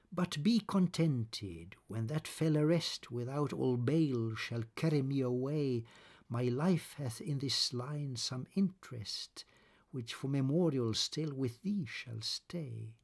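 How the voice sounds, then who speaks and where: A man reading sonnets aloud in a measured, deliberate recitation. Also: medium pitch, gravelly, husky. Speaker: poetry reader.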